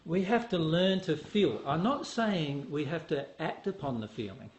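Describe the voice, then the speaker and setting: A man's voice: fairly high pitch, lively intonation, normal speed. A man speaking as a spiritual teacher to an audience, asking them questions and acting out voices to make his points. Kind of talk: talk to an audience. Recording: echoey room with faint noise.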